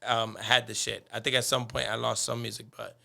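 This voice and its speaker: A man co-hosting a casual comedy podcast, with a gravelly, bright, forceful voice. He rambles through animated stories and sounds close on a desktop mic. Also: medium pitch, a little fast. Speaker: podcast co-host.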